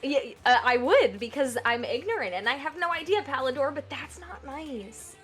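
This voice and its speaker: A woman's voice: high-pitched, lively intonation, moderate pace, loud music behind the voice. A woman from New York casting a live esports match, chatty and bubbly. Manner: bubbly, chatty, laughs often. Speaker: esports caster. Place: broadcast booth.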